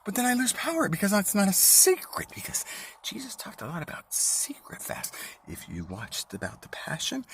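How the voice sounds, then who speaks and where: A man preaching an informal sermon, his very breathy, husky voice often sinking to a whisper. His pitch swings wildly as he lurches from secretive murmurs to loud, sarcastic exclamations, in a mocking, conspiratorial tone. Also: no echo. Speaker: self-made online preacher.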